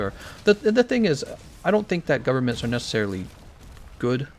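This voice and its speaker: A man's voice: mid-range voice, expressive, quick pace, slight background noise. An American man in casual commentary, rambling and opinionated while answering chat questions. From United States. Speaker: streamer.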